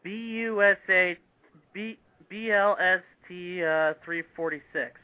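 A man's voice: high-pitched, a little slow, no room sound. A man hosting a casual chat show, steering the talk and putting questions to the others. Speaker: podcast host. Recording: tinny phone-like line.

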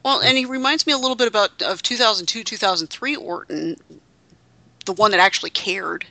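A woman's voice: mid-range voice, a little fast, sharp tone, dry recording. A woman co-hosting a casual podcast chat, talking in a chatty, wry and indignant way with many restarts. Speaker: podcast co-host. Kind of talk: casual chat about pro wrestling.

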